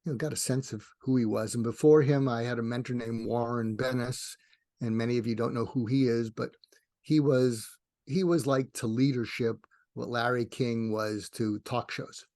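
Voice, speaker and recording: In clean studio sound with no room sound, an older retired psychiatrist guests on a podcast, spinning rambling, tangential personal stories as a warm storyteller. His mid-range voice stays steady at normal speed in this casual storytelling interview.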